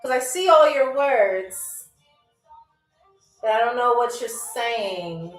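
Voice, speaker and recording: High-voiced woman hosting a live trivia game. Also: animated, reverberant, soft background music, rough recording. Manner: playful, chatty, teasing viewers by name, spells out phrases slowly. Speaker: game show host. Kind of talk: live-stream trivia hosting, chatting with viewers.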